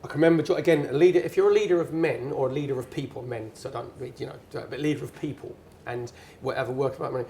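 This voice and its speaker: A man's voice: mid-range voice, rapid-fire, few pauses, a little hiss or hum. A middle-aged man, a guest speaker at an event, telling a long anecdote and acting out what people said. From England. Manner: chatty, animated storyteller acting out quotes. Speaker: guest speaker, former footballer and pundit. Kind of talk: anecdotal storytelling on stage. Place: bar at a networking event.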